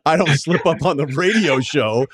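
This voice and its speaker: A man's voice: fairly high pitch, expressive, moderate pace, background noise. A man hosting a sports podcast, asking a guest a long, rambling question in a casual way. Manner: rambling, laughing setups to his questions. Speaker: podcast host. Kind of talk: interview questions, casual chat.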